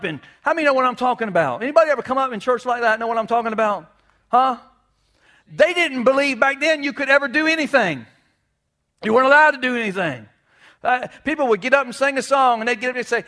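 Preacher man, real high bright voice, fired up, lots of "come on, amen". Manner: fervent preaching with call-and-response asides. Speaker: pastor. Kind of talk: sermon.

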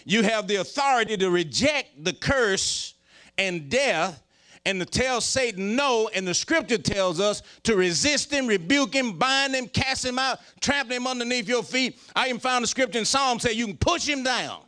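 A pastor preaching a folksy, joking sermon. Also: male voice, extremely high pitch, expressive, normal speed, bright, forceful tone.

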